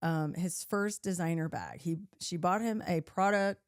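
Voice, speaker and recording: A woman co-hosting a podcast, telling a story in an animated way, laughing often and swearing casually as she acts out what she said. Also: normal speed, clean tone. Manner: laughing often, acting out her own quotes with big pitch swings. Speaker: podcast co-host.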